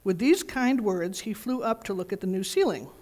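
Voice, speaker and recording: A woman leading a children's message in church, reading a storybook aloud in a gentle, expressive way. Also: mid-range voice, normal speed. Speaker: pastor giving a children's message. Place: church sanctuary. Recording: reverberant church hall.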